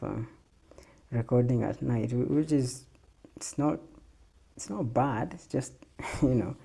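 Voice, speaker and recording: Slow, gravelly podcast host. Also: male voice, mid-range voice, dark tone. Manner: laid-back, laughing, swearing freely. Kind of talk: casual solo rambling podcast.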